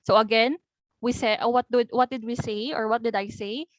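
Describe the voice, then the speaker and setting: A woman's voice: a little high, steady tone, normal speed, dry recording. Filipino woman teaching a phonetics lesson. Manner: explains step by step, mixing in local words. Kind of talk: recorded online lesson.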